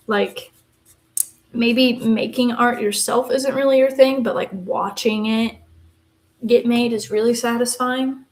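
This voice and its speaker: A woman in her twenties with a West Texan accent, chatting casually and rambling through asides while she colors on a live stream. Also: a little high. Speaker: live streamer, university theater student.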